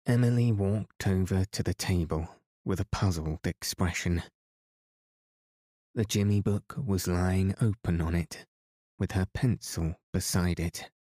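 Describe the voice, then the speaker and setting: A man calmly narrating a novel as a bedtime story, soft and unhurried. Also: deep voice, no echo, studio quality. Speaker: podcast host and reader.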